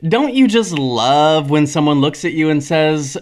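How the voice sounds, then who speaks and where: Animated, giggly podcast host man. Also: a little high, a little slow. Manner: animated, giggly, theatrical delivery. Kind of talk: casual gossip chat and ad read.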